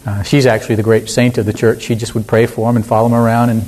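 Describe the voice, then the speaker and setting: Brief: male pastor, mid pitch, slow earnest sermon delivery, thoughtful pauses. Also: level tone, darkish tone. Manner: slow, earnest, reflective with frequent pauses and fillers.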